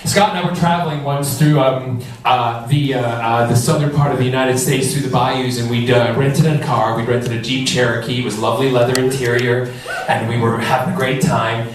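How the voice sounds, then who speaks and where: A man's voice: medium pitch, steady tone, normal speed. A man telling funny stories at a fan convention panel in a camp, playful, theatrical way. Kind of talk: comic storytelling at a fan panel. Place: large convention hall. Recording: echoey hall, distant mic, loud crowd.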